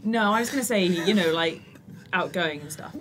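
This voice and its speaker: A woman's voice: fairly low pitch, moderate pace, over music. A woman playing a tabletop game, talking in a friendly way while searching for words. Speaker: player. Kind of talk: casual tabletop game chat.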